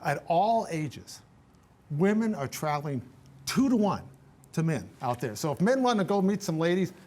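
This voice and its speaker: An older man, a guest on a radio talk show, giving travel advice in an animated, emphatic way with frequent restarts. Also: on the high side, normal speed.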